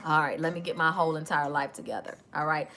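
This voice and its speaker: A woman's voice: sits low, steady tone, fast, a bit bright, faint music behind. A woman hosts a casual makeup tutorial, chatty and emotional, talking straight to her viewers. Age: 50s.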